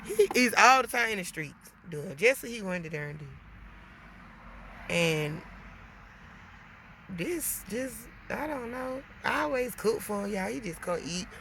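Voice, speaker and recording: Gravelly woman telling a wild story. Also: medium pitch, slight background noise. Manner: animated, swearing, addresses viewers as girl and y'all. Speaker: vlogger. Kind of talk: casual storytime venting.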